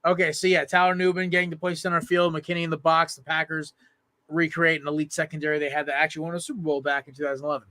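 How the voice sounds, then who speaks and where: Bright upbeat young male podcast host. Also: fairly high pitch, level tone, no room sound. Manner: upbeat, quick, laughs often. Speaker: podcast host running a mock draft. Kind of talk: casual sports podcast chat.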